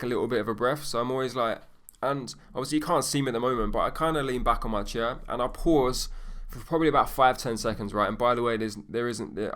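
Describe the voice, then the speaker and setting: A young man talks through sales calls in a loose, animated teaching style, swearing freely and playing out both sides of the conversation. His voice is smooth and resonant, sitting at an ordinary middle pitch. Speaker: sales coach. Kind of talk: casual instructional talk.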